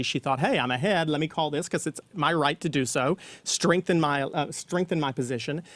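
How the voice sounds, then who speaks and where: A man's voice: a little high, no echo. Guy co-hosting a news chat, talks it through with lots of ums, dry close sound. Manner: chatty, explanatory, many fillers. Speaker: co-host.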